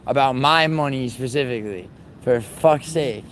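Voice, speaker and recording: A man's voice: mid-range voice, measured pace. A young man, livestreaming outdoors on a city street and trading profane, teasing banter with his chat. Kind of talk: casual livestream chat with viewers. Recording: faint street and traffic noise.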